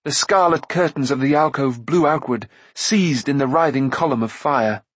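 A man narrates a fantasy novel in a measured, steady storytelling voice. His tone is slightly husky and sits at an ordinary middle pitch. The sound is dry and close, with no room around it. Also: no room sound. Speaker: audiobook narrator.

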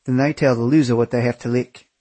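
A man voicing a big, boisterous Australian man with an Australian accent, loudly explaining a drinking game. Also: medium pitch, fairly even intonation, fast, breathy edge, no room sound, lightly acted. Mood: rowdy, eager.

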